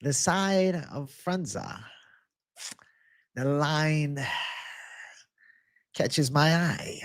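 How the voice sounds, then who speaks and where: A man's voice: mid-range voice, sing-song, drawn-out words, long pauses, fairly bright tone, no room sound, clean studio sound. A man hosting a live-streamed MMA betting show, ranting with profanity to his chat about fight props. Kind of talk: live-stream prop picks talk.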